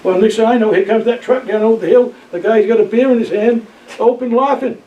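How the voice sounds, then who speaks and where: A man's voice: high voice, steady tone, fairly quick, warm tone. An older man, telling rambling, folksy stories from his Coast Guard days in an oral history interview, laughing often. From Maine, USA. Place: library room. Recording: roomy, distant, dull, faint hiss.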